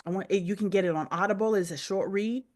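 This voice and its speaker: Over a group call, a woman business coach leads a motivational session, pressing her points through repetition and direct appeals to listeners. Her medium-pitched voice is fast and a little mellow.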